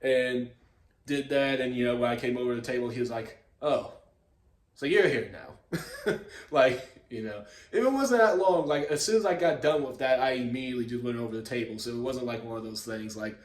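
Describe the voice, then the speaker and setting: Easygoing male vlogger, medium pitch, chatty and full of fillers, recorded in a reverberant room. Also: fairly quick. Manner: rambling, relaxed, frequent fillers and chuckles. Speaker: YouTube host. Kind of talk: casual vlog storytelling. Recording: echoey room.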